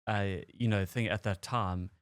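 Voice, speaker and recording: A man's voice: lowish voice, steady tone, moderate pace, no echo. A man hosting a podcast interview, recapping the guest's story in a loose, conversational way with false starts. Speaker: podcast host. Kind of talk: casual interview chat.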